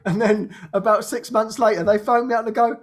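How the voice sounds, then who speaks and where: A man's voice: sits high, fairly even intonation, brisk. A man hosting a spiritual talk show, telling a personal story in a casual way. He laughs often and acts out the people he quotes.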